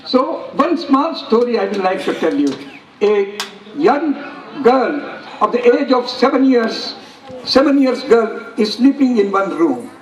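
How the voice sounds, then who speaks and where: A man's voice: very high voice, sing-song, unhurried. A man with an Indian English accent giving an earnest, emphatic public speech at a school function, repeating phrases for effect. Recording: echoey hall, voice from far off.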